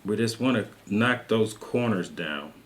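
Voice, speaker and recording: A man calmly teaching soap carving, talking patiently through each cut as he works. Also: lowish voice, measured pace. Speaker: carving instructor. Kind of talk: step-by-step craft tutorial.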